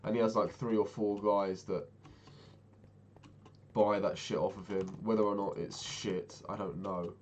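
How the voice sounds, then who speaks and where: A man's voice: lowish voice, flat delivery, measured pace. Exasperated young man telling a story. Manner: exasperated, swears freely, lots of fillers. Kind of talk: casual storytelling rant.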